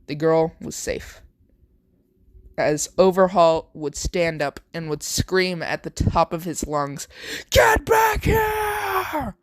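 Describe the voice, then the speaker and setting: Halting improvised story narrator, dry sound. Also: medium pitch, no echo. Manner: halting, with frequent restarts and self-corrections; strings events together with repeated "would" and "as". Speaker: fan fiction storyteller.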